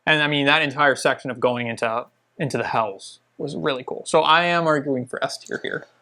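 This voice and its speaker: A young man talks in a relaxed, casual back-and-forth, eager and gushing. His voice sits at an ordinary middle pitch. He sounds like a regular co-host chatting with his brother. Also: fairly quick. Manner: enthusiastic, gushing. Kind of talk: casual chat.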